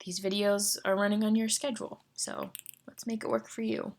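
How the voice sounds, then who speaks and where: Speech therapy instructor, young woman, mid-pitched, a touch of fry, deliberate and encouraging. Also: fairly even intonation, darkish tone. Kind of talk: guided voice exercise lesson.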